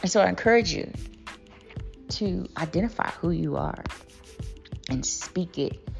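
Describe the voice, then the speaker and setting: A woman's voice: on the low side, expressive, measured pace, vocal fry, soft background music. A woman host reciting a list of bold self-affirmations, then encouraging listeners in casual, emphatic talk.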